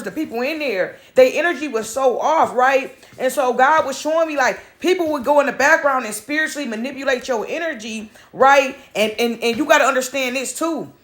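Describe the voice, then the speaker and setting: A woman with a high-pitched voice rambling through a casual vlog story. She swears freely, quotes what she told others, and keeps checking in with a quick "right?". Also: fairly bright tone. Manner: retells her own words with "I said". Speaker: vlogger.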